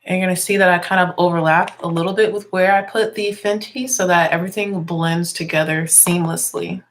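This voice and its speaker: A woman's voice: on the low side, steady tone, brisk. Chatty young woman, a bit congested. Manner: chatty, explains each step as she works. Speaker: music teacher and beauty vlogger. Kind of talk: casual makeup tutorial.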